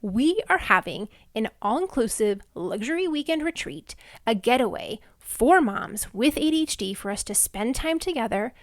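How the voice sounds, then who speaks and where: A woman's voice: fairly high pitch, big pitch swings, normal speed, hardly any pauses, dry recording, studio quality. A woman in her thirties hosting a casual solo podcast, chatty and heartfelt, with lots of "like" fillers. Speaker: podcast host. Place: Houston, Texas.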